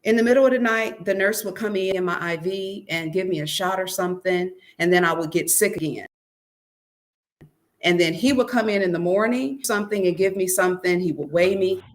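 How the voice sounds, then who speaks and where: A woman's voice: on the low side, brisk. A woman being interviewed about her book, telling a personal story and often quoting what others said to her. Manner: recounts events by quoting others, "he said" asides; earnest, searching, many restarts and "um"s. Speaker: author and guest.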